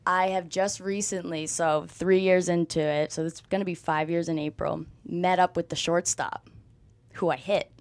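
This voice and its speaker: A young woman, a guest on an interview show, telling her story with lively energy and acting out what people said. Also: on the low side, moderate pace, no room sound. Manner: animated storyteller, acts out quoted dialogue, frequent "like". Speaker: guest, former college softball player. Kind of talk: conversational interview.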